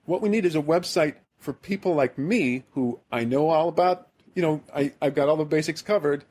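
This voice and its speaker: A man's voice: fairly high pitch, moderate pace, a little mellow. Rambling self-deprecating male podcast host. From American Midwest. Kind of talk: casual podcast chat.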